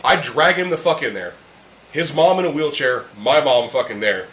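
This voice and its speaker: A young man hosting a podcast drinks beer with friends in a room, ranting heatedly and swearing constantly through the casual chat. He talks at normal speed in a fairly high, expressive, slightly bright voice. Faint ambient noise sits in the echoey room.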